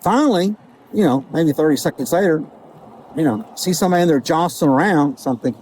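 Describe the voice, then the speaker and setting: A man vlogging outdoors, telling a vivid personal story in a casual, halting way, with quoted dialogue. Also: on the high side, expressive, darkish tone, slight background noise, rough recording. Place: outdoors outside a small-town grocery store.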